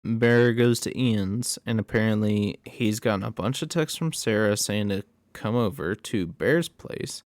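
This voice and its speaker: A man's voice: on the low side, measured pace, few pauses, no echo, clean studio sound. A man giving a casual, rambling, profane recap of a horror movie plot. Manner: rambling, profane, animated storytelling.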